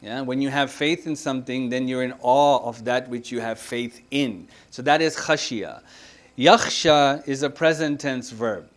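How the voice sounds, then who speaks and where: A man leading a religious grammar class, asking his students questions, repeating their answers and reciting scripture quickly. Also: mid-range voice. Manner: recites Quranic Arabic quickly. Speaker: religious teacher. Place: mosque centre classroom.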